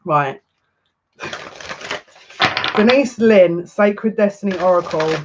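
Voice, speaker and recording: Man, high voice, oracle card reader, chatty and teasing, muffled lo-fi audio. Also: slow pace, noisy background. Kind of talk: live oracle card reading.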